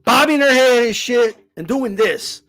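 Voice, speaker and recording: Speaking a little slowly in a very high, fairly bright voice with lively intonation, the commentator offers opinionated boxing talk on a live stream. There's no echo as he swears, repeats words, and poses rhetorical questions.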